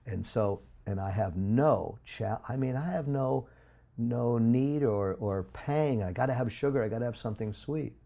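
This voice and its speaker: A man speaking as an interview guest, talking in an emphatic, preachy way with big swings in loudness. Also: mid-range voice, normal speed, vocal fry. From United States. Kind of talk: interview talk.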